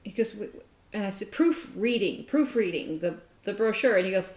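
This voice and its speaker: A woman of middle pitch tells an animated story and laughs at herself as she goes. Her voice bounces around a roomy, echoing space. It is a relaxed, chatty co-host conversation. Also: moderate pace. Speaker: podcast co-host. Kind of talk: casual chat, storytelling. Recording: roomy echo.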